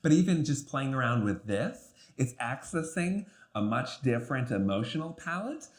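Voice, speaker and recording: A man's voice: mid-range voice, big pitch swings, moderate pace. A man as a podcast guest in casual conversation, talking reflectively with many fillers and restarts.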